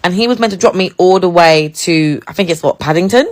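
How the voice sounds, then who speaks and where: A woman from England telling a dating story in a casual, animated way, laughing and swearing. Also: fairly low pitch, fast.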